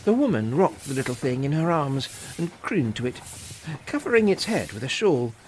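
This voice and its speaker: Animated children's story narrator. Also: medium pitch, normal speed. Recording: hissy home recording.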